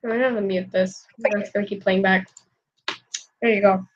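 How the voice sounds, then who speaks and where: A woman's voice: mid-range voice, steady tone, fairly quick, a little hiss or hum. A young woman live-streaming while she draws, sick and coughing, rambling casually with lots of filler words. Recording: muffled lo-fi stream audio.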